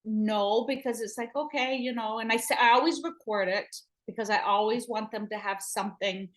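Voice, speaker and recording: A middle-aged woman medium telling stories in a casual, animated way, acting out what people said. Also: on the high side, moderate pace. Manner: animated, acts out dialogue in quotes. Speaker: spiritual medium. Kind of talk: conversational storytelling.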